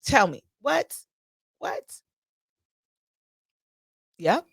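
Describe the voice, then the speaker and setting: A woman's voice: fairly high pitch, sing-song, drawn-out words, gravelly, husky, dry recording, clean studio sound. A woman hosting a casual solo podcast, talking animatedly and sassily to her listeners, firing off emphatic rhetorical questions. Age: adult with children. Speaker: podcast host.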